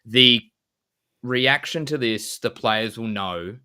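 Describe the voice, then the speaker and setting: A man co-hosting a football podcast, giving frank, measured analysis in a casual style. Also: mid-range voice, bright, forceful tone, clean tone. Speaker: podcast co-host.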